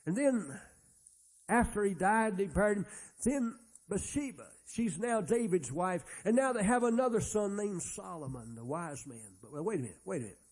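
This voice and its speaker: A man's voice: sits high, expressive, normal speed, a little mellow. A man preaching a sermon, retelling Bible stories in a folksy way and acting out the characters' lines. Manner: folksy storytelling, acts out Bible characters' dialogue.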